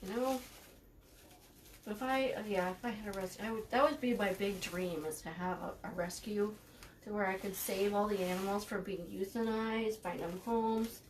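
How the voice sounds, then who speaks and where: A woman's voice: mid-range voice, fairly even intonation, normal speed, slight background noise. A woman hosting a live craft tutorial, chatting casually while she works, thanking viewers by name and laughing easily with dry sarcasm. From United States.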